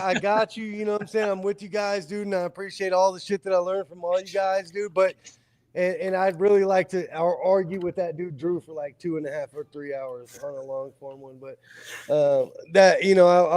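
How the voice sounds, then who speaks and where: A man's voice: sits high, fairly even intonation, a little fast, darkish tone, no room sound. A man talking in a casual group chat, rambling, profane and passionate. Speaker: guest.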